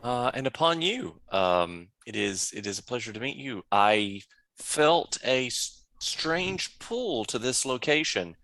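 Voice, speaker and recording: A man's voice: mid-range voice, big pitch swings, slow pace, bright, forceful tone, no echo, heavily acted. Man playing a polite nature knight. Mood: earnest. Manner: polite, hesitant, formal.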